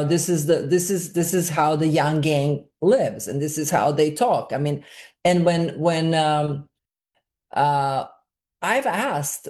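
Woman filmmaker, low-pitched, earnest interview guest who explains at length and circles back over her words. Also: a little mellow. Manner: long, searching explanations with frequent repeats.

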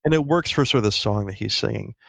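A man co-hosting a casual literary discussion, explaining his points earnestly with quick restarts. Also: lowish voice, vocal fry, fairly bright tone, no echo. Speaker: podcast co-host.

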